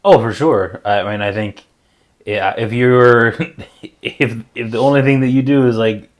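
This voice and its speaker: A man co-hosting a podcast in casual chat over drinks, talking in a measured, wry way with dry pushback, recorded on an indoor podcast set. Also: mid-range voice. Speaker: podcast co-host.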